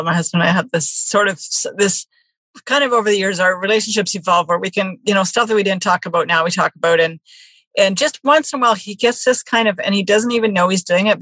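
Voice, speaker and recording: A woman's voice: medium pitch, bright, forceful tone, no echo, low-quality recording. A woman hosting a podcast, chatty and lightly humorous in casual conversation.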